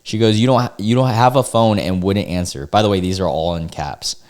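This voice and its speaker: A young man with a lowish voice, reading out forum posts in a casual commentary. He reacts bluntly, cursing often, and drops exasperated asides between the quotes. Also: fairly quick, darkish tone. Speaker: online video host reading forum posts.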